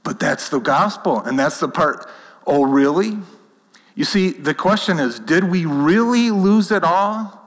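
A man's voice: fairly high pitch, expressive, a little slow, few pauses, fairly bright tone. A man preaching a sermon to a congregation, earnest and conversational, often restarting his sentences. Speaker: pastor. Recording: long hall reverb.

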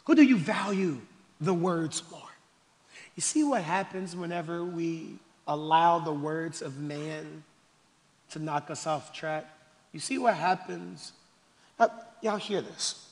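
A male pastor preaching a sermon, calling the congregation y'all and swinging between quiet questions and shouted declarations. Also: fairly high pitch, takes it slowly. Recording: long hall reverb.

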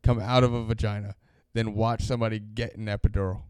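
A man co-hosting a comedy podcast, blunt and profane, with deadpan quips. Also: lowish voice, fast, clear, resonant tone, no echo. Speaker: podcast co-host. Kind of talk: crude casual comedy chat.

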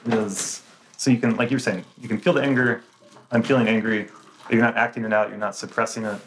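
Low-voiced man hosting a conversation. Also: steady tone, a little fast, a little hiss or hum. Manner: affirming, reflects the guest's points back. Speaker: podcast host. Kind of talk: casual conversation.

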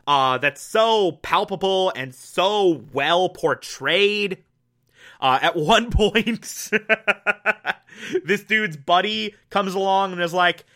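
A man's voice: sits high, pushed and bright. A young man casually reviewing a TV episode, enthusiastic and rambling, with lots of fillers and mild swearing.

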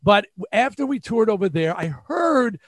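Speaking unhurriedly in a high voice on a dry recording, an older New York-accented man from that area tells stories as a guest musician in an interview. He's animated and acts out people's quotes.

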